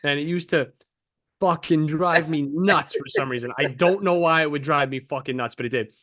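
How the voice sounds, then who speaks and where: A man's voice: fairly high pitch, normal speed, fairly bright tone. A man co-hosting a casual podcast, telling rambling stories in a laid-back way and swearing now and then. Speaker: podcast co-host.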